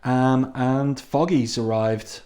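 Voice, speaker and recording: A man casually reviewing a comic book, reading out the panels, pausing often and slowing down for admiring asides. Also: mid-range voice, steady tone, darkish tone. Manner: halting, with many ums and slow admiring asides.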